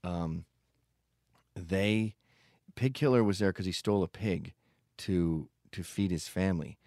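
A man's voice: low-pitched, a little slow, a little mellow, no room sound, clean studio sound. A man hosting a podcast, talking in a blunt, profane, digressive casual monologue. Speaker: podcast host.

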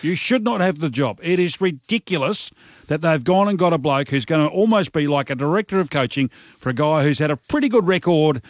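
An Australian man delivering a radio sports rundown in lively, exasperated bursts. His voice is dry and slightly dull, with little room sound. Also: fairly high pitch, brisk, no room sound. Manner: animated, exasperated rants. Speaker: sports commentator.

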